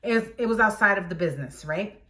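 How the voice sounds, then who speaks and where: A young woman telling a casual storytime, animated and exclamatory, acting out the dialogue as she goes. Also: mid-range voice, quick pace. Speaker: vlogger.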